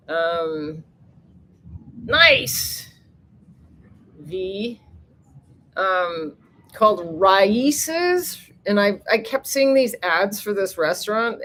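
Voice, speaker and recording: Woman host, loose rambling live-stream chatter, mid-pitched, laughs and mild cursing, phone mic outdoors. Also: poor audio. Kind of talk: rambling casual live chat. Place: outdoors near the ocean.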